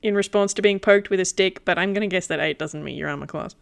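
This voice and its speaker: A woman's voice: fairly low pitch, quick pace, gravelly, a little hiss or hum. A woman running a tabletop game as game master, narrating in rambling, giggly descriptions with playful sound effects.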